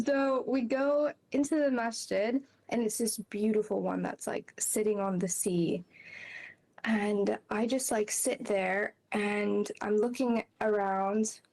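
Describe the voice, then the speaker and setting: A woman with a medium-pitched, darkish voice tells a personal story as an interview guest. Her talk is casual and rambling, packed with "like," and she laughs lightly between phrases.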